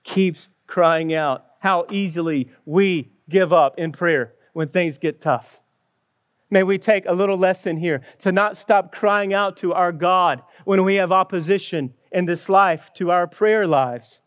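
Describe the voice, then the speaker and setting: A male pastor delivers a sermon in a high, unhurried voice. He speaks earnestly, telling the story slowly. The sound is close and dry. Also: fairly bright tone, clean tone, no echo, dull audio. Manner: earnest, storytelling with acted quotes.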